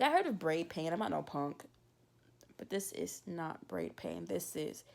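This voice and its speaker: A woman's voice: mid-range voice, gravelly. A young woman telling a casual, exasperated storytime in a vlog. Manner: animated, exasperated and talkative. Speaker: vlogger.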